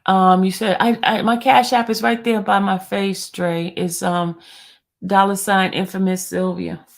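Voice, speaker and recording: A woman's voice: medium pitch, steady tone, measured pace. A woman blogger on a live stream, talking to her viewers in a frustrated way and often repeating herself. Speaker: court news blogger.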